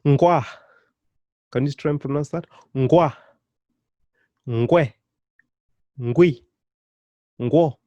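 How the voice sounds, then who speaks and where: A man's voice: a little high, drawn-out words, pauses often, dark tone, dry recording, muffled recording. A man teaching a beginner pronunciation lesson, patient and encouraging, repeating syllables one by one. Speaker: language teacher.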